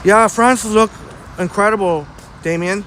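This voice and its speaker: High-voiced man chatting on a walk. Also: unhurried, a bit bright, a little hiss or hum. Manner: chatty, addresses viewers by name while walking. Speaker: livestream host reading viewer chat. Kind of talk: casual live walking stream. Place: outdoors on a city street.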